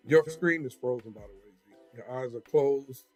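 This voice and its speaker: A man co-hosts a casual morning livestream from a video call. His talk is relaxed and chatty, easygoing in a mid-range voice. Faint music plays softly behind him. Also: medium pitch, moderate pace. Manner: relaxed, chatty, gives shout-outs. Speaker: co-host.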